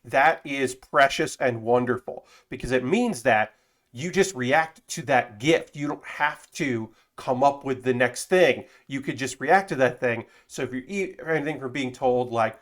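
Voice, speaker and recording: A man's voice: mid-range voice, measured pace, a bit bright. Rambling man chatting on a live stream. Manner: rambling, self-correcting, swears casually. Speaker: streamer building model kits. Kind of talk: casual live-stream chat.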